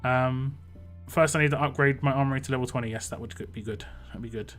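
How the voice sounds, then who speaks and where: A young man live-streaming a mobile game, chatting casually, greeting viewers by name and getting excitable over lucky rolls. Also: medium pitch, fast talker, faint music behind. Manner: excitable when hoping for lucky results. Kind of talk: live-stream gameplay chat.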